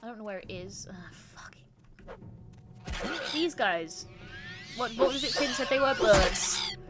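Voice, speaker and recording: A woman's voice: fairly high pitch, expressive, normal speed. A young woman chatting with her stream chat while playing a game, reading messages aloud and laughing often. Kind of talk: casual gaming stream chat. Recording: streamed with loud game music.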